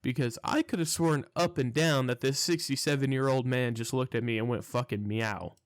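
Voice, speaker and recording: Young man, casual vlog storytelling, profane, rambling, smooth clear voice, dry close sound. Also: mid-range voice, steady tone, moderate pace, no echo. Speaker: storytelling vlogger.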